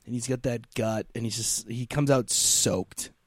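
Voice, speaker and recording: A man's voice: mid-range voice, steady tone, husky, no echo. A man with a middle-range voice talks eagerly on a podcast, tossing out playful asides. His voice is dry and close, recorded with no room sound. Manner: enthusiastic, playful, quick asides. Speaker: podcast co-host. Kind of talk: casual chat.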